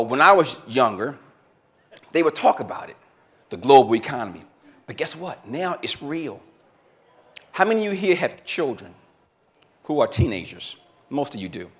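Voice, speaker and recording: A man gives a motivational keynote to a live audience in a conference room. His slightly high voice rises and falls with lively swings as he quizzes the listeners and repeats their answers. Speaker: keynote speaker. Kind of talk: motivational seminar talk.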